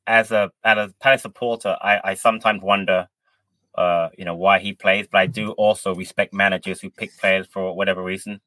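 A man with a lowish but bright, forward voice, co-hosting a casual football fan podcast. He thinks aloud, pausing on ums and restarting phrases. The sound is close and dry, with no room around it. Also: flat delivery, no room sound. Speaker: podcast co-host.

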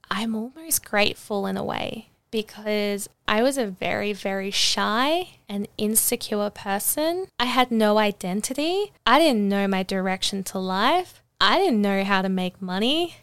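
A young woman hosting her own podcast, talking alone in an animated, emphatic way and often laughing. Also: medium pitch, clear, resonant tone, no room sound. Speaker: podcast host. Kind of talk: solo podcast monologue.

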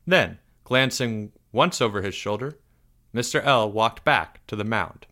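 A man narrates a children's story aloud with expressive delivery. He lowers his voice for suspense. His tone is bright and forward. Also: measured pace. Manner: expressive, drops softer for suspense.

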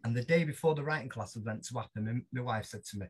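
A man with a Mancunian accent chats as a podcast guest, slightly husky and mid-pitched. He tells his stories in a rambling, self-deprecating way, stopping and restarting his sentences as he goes. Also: racing. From Manchester, England. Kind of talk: casual interview chat.

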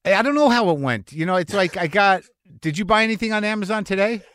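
A man hosting a podcast, talking in a rambling, sardonic way that swings between loud outbursts and hushed asides. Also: high voice, expressive, fast talker, no echo. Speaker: podcast host. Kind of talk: conversational monologue.

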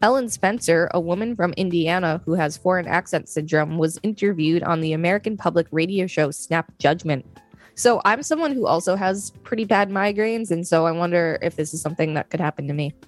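Low-voiced woman reading steadily. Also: a little fast, faint music behind. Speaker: podcast co-host. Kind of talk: casual podcast reading and chat.

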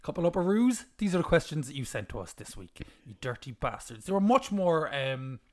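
A man's voice: medium pitch, very animated, a little fast. A young man co-hosting a podcast in casual chat, swearing freely and laughing often. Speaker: podcast co-host.

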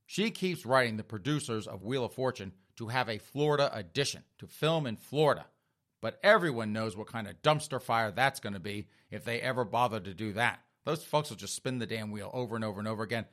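A man with a lowish, fairly bright voice tells a comic story at a brisk clip. His storytelling is sardonic, and he often addresses his listeners as "folks."

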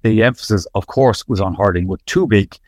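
A man with an Irish accent hosting a sports podcast, speaking in a measured, conversational way with many fillers. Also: fairly low pitch, no echo. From Ireland. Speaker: podcast host.

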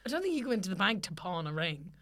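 Bright-voiced young Irish woman chatting. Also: on the low side, rapid-fire. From Ireland. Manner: lively, sweary, laughing storyteller. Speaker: podcast co-host. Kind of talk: casual chat.

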